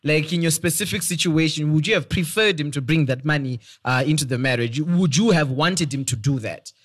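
A man co-hosting a casual podcast chat, animated and rambling with restarts. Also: a little high, fairly quick, husky, no echo, studio quality. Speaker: co-host.

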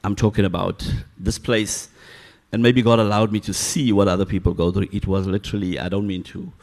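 Animated South African man preaching a testimony. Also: fairly quick. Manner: animated storyteller with sudden loud, high bursts and dropped asides; repeats and restarts phrases for emphasis. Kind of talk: conversational sermon testimony.

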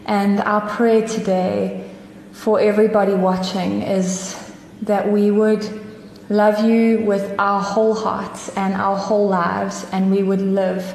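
A South African woman leading a spoken prayer in measured, repeated phrases. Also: mid-range voice, flat delivery, creaky, darkish tone. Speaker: prayer leader. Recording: echoey hall with faint noise.

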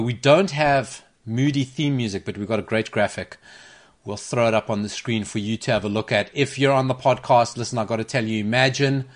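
A man hosting a sports chat show in a studio, talking at a lively clip with frequent laughter. His voice sits mid-pitch, close on the microphone, and he tells stories with plenty of energy. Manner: animated, laughs often, storytelling. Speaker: podcast host. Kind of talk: casual chat.

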